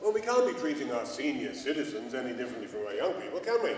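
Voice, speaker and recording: A man's voice: medium pitch, big pitch swings, fast, a little hiss or hum, close to an everyday voice. A man playing a smug government adviser. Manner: smug, breezy answers. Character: smug male government adviser, evasive and self-satisfied. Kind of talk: live comedy sketch. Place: large old church used as a cabaret venue. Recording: echoey church hall from far off.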